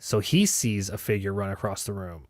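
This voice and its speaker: With a voice on the low side and lively intonation, a male host tells a story at a moderate pace. The sound is dry and studio-clean. His manner is loose and profane, with plenty of "like" and "you know" thrown in.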